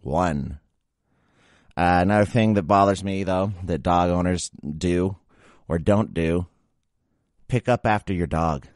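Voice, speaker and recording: Man, very deep voice, dry close recording, casual grumbling rant, young adult. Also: takes it slowly, long pauses, a little mellow, no echo. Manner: grumbling, exasperated, mocks baby talk. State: a bit sick after drinking. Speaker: podcast host.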